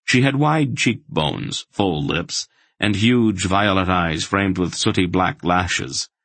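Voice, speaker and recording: A man narrating an audiobook in a steady, even storytelling voice. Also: low-pitched, takes it slowly, dry recording.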